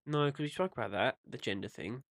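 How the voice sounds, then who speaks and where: A man co-hosting a casual podcast, chatting in a quick, teasing way. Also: medium pitch, vocal fry, a bit bright, no room sound, clean studio sound. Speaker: podcast co-host. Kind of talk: casual chat.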